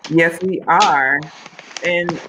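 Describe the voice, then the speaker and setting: A woman's voice: on the low side, very slow, background noise. A woman from Miami hosting a livestream talk show, upbeat and colloquial, chatting to her viewers between questions. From Miami, Florida. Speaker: host.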